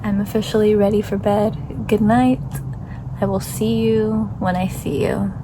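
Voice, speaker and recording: A young woman chatting casually to her phone camera at home in a relaxed, self-deprecating vlog, with frequent apologetic asides. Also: medium pitch, a little slow, noisy background. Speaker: vlogger.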